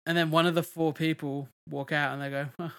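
A man's voice: a little high, little pitch movement, a little fast, a bit bright, clean tone. A man in casual chat, recapping a film plot in a rambling way full of fillers and restarts. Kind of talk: casual movie review chat.

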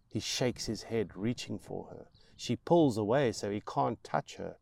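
A man narrating his own novel with slow, intense dramatic storytelling. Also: fairly low pitch, animated, vocal fry, a little mellow, no echo, studio quality. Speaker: author reading his novel.

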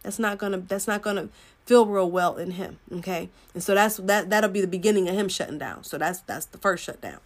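A woman's voice: medium pitch, a little fast. A woman, giving relationship advice to women in an emphatic, preachy way that acts out what people say. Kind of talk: livestream advice talk.

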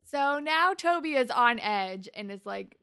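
A woman co-hosting a podcast, casually recapping a TV episode with animated retelling, dry jokes and casual swearing. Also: on the high side, a little slow, clear, resonant tone, dry recording. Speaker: podcast co-host.

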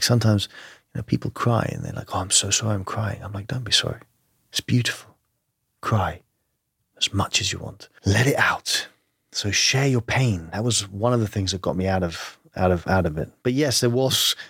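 A man's voice: on the low side, slightly rough, dry recording. Earnest man sharing candidly, dry sound. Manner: reflective and earnest, lots of "you know" and "like". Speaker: guest. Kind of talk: candid conversational interview.

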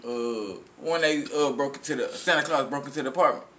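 A man in casual chat, animated and laughing, trading movie lines with a friend. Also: mid-range voice, brisk, slight background noise.

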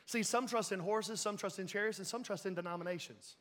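High-voiced man preaching in an echoing hall. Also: fairly quick. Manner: animated storytelling preacher, acts out voices, laughs. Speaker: pastor. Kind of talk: sermon. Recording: long reverb of a large hall.

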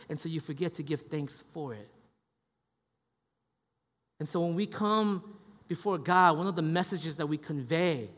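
Conversational pastor man in a reverberant hall. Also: on the high side. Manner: conversational, frequent "right?" tags. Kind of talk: sermon.

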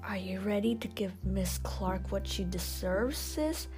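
A woman's voice: medium pitch, animated, measured pace, lightly acted. A woman voicing a bold young schoolboy who often whispers. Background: instrumental music.

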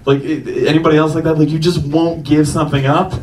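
A man's voice: fairly high pitch, level tone, fast, darkish tone. A man telling a self-mocking personal story on stage, often laughing through his lines. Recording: distant mic with noise.

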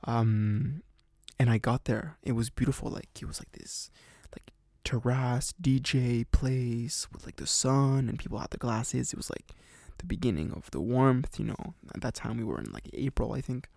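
A man's voice: mid-range voice, moderate pace, gravelly, dark tone, dry recording, studio quality. A man in his twenties casually telling a personal story on a podcast, rambling with lots of fillers. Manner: rambling, many fillers and restarts. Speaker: podcast host.

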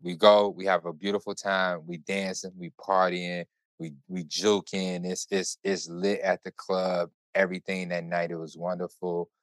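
A man hosting a podcast, telling a story in casual chat with animated, profane, run-on delivery. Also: low voice, moderate pace, dry recording. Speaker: podcast host.

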